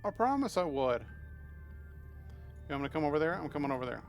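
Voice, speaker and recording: A man's voice: fairly high pitch, sing-song, fast, gravelly, soft background music. A man live-streaming a video game, chatting playfully with viewers and cooing at the creatures on screen. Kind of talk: casual live-stream chat while playing.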